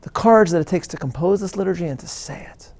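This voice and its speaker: A rabbi answers questions at a live interview in a high-pitched, gravelly, slightly mellow voice. His style is earnest and measured, like a lecture, with emphatic stresses and frequent restarts.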